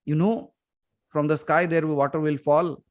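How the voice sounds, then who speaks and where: A man's voice: a little high, unhurried. A man, a spiritual teacher answering questions in a call session and telling stories with rhetorical questions. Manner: animated storytelling, rhetorical questions.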